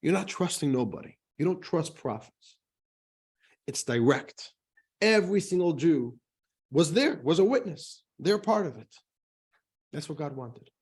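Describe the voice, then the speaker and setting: Rabbi lecturer, husky and a bit high-pitched; lively, chuckling, conversational teaching. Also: male voice, unhurried, pauses often. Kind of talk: lecture with jokes.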